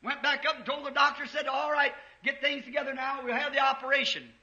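A man preaching an impassioned revival sermon in a church, rising to shouts at the peaks. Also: very high voice, flat delivery, fast talker. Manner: impassioned, shouting at peaks, old-time Southern US preaching cadence. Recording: echoey church, dull 1950s tape.

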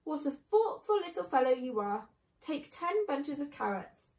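A woman's voice: high-pitched, sing-song, a little slow, darkish tone, pitched above the performer's own voice, heavily acted. A woman voicing a sly, boastful father fox who grins and gives orders, in a storybook reading. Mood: fussy. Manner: grinning, showy and commanding. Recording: echoey room.

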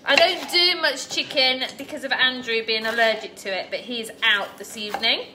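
A woman's voice: a little high, fairly even intonation, moderate pace. A middle-aged woman hosting a casual live cooking stream from her home kitchen, chatting, greeting viewers by name and joking at her own expense. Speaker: cooking livestream host. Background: children's game noise faintly.

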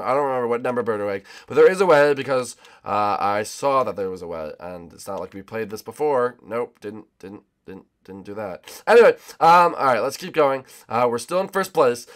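A man hosting a gaming channel, rambling excitedly to viewers while racing. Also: mid-range voice, brisk, few pauses. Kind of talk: casual gameplay commentary.

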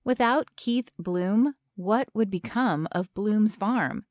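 A woman narrates an audiobook, telling the story in an even, measured voice at a medium pitch. The recording is dry and the studio sound is clean.

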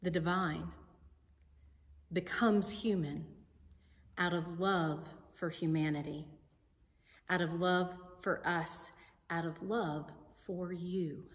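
A woman pastor preaching a sermon in a slow, deliberate, emphatic way. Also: lowish voice, fairly even intonation. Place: church sanctuary. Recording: sanctuary with long reverb.

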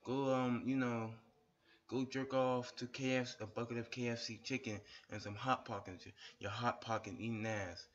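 A man's voice: mid-range voice, level tone, moderate pace. A man ranting angrily at another YouTuber, insulting him over and over with a lot of swearing. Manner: profane, insulting, repetitive; shirtless on camera. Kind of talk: angry rant video. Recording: dull lo-fi webcam audio.

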